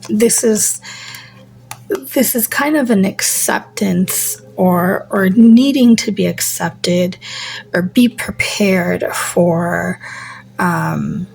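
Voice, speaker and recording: A woman giving a casual tarot reading, musing slowly, trailing off with fillers and slipping into soft near-whispers. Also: medium pitch, gravelly, rough recording. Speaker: tarot reader.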